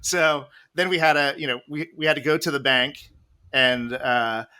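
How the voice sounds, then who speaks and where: A man's voice: mid-range voice, normal speed, bright, forceful tone, smooth. A man guest on a podcast, telling long, rambling stories with many restarts and laughs. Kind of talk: casual storytelling interview.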